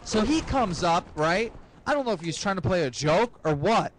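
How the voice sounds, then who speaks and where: A young man telling a comic story in a profane, rambling, excitable way. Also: high-pitched, normal speed, faint music behind. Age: young adult.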